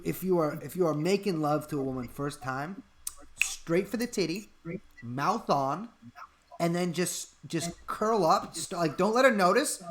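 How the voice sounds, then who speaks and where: A man's voice: fairly high pitch, fairly bright tone, slight background noise. Guy on a stream just rambling some ridiculous advice bit, dead serious about it. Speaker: podcast co-host. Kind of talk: comedic live-stream chat.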